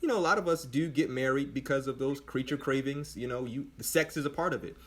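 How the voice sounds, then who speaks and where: A man's voice: medium pitch, fast talker, fairly bright tone. A man hosting a podcast, talking earnestly and emphatically from a Christian viewpoint. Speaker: podcast host. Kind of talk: casual podcast conversation.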